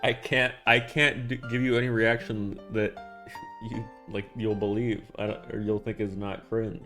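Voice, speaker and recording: A man's voice: lowish voice, flat delivery, moderate pace, pushed and bright, faint music behind. A man streaming live, chatting casually and rambling, swearing often and answering his chat. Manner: rambling, profane, talking back to chat.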